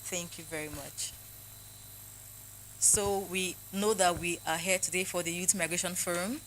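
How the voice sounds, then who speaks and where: A Nigerian woman hosting a forum as its convener, a lively emcee who jokes with the audience. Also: lowish voice, moderate pace, background noise.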